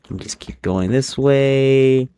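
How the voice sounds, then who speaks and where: A man's voice: mid-range voice, slow pace, mellow, clear, resonant tone. A young man chatting casually on a live stream while he plays a game, thinking aloud and rambling from one thought to the next.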